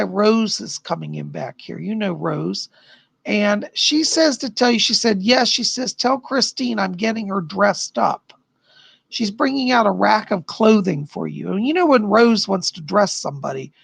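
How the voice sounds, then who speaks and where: A man hosts a live-stream, chatting through viewer questions and relaying spirit messages. His voice is gravelly with heavy fry. It sounds husky and dry, close to the mic. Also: sits high, a bit bright, dry recording. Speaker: psychic livestream host. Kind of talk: live-stream chat readings.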